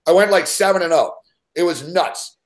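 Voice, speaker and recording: A man hosting a betting show, telling a story in a rambling, excitable way and swearing constantly. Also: high voice, normal speed. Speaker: sports betting show host. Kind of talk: profane casual storytelling.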